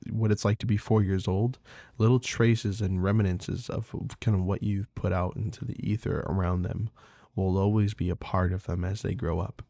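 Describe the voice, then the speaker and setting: Gravelly low-voiced man hosting a podcast. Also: steady tone, moderate pace, warm tone, no echo, clean studio sound. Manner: candid, swears freely, many fillers. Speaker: podcast host. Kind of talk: casual podcast monologue.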